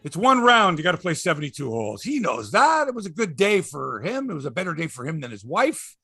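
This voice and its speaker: Gravelly, lively sports host. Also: male voice, a little high, fairly quick, dry recording, studio quality. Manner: blunt, swears freely, animated rants. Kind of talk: casual sports talk.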